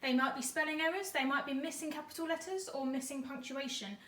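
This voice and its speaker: A woman teaching an online grammar lesson to primary school children, upbeat and slowing down to spell words letter by letter. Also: sits high, fairly bright tone.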